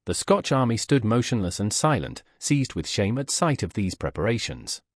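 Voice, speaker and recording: A man reading a classic adventure novel aloud as an audiobook narrator, in a lively, expressive way. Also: on the low side, moderate pace, no echo, studio quality.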